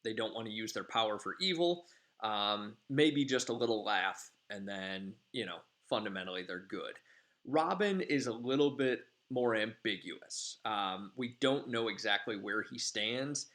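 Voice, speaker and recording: A man's voice: on the low side, animated, unhurried, a bit bright. Casual rambling male teacher. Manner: casual, rambling, many filler ums. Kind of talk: classroom lecture summarizing a play.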